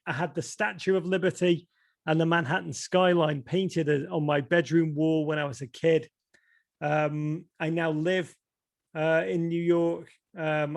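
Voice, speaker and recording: A man's voice: a little high, creaky. A man with a Liverpool accent, an author telling stories on a video call and acting out the voices in them. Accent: Liverpool English. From England. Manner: animated, acts out quoted voices. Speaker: author reading and discussing his book. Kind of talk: casual storytelling talk.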